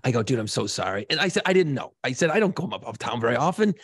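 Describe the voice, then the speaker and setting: Talking very fast in a fairly high, slightly rough voice, a middle-aged New Orleans man spins a long story as a podcast co-host. He's profane and animated, cursing freely and doing the characters' voices in casual storytelling. The recording is clean studio sound without room sound.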